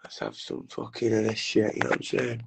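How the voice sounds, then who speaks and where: A young man with a British English accent, hosting a casual livestream chat from a hotel room on his phone, energetic, excitable and sweary. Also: fairly low pitch, a little fast, vocal fry, very noisy.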